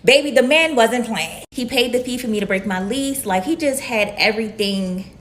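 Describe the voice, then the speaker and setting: A woman's voice: on the high side, moderate pace. A woman content creator, telling a story to camera in a sassy, emphatic way and calling listeners "baby.".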